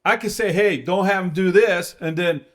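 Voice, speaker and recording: A man's voice: high-pitched, moderate pace. Middle-aged man, storytelling co-host. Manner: storytelling, acts out quoted dialogue. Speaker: podcast co-host. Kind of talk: casual chat.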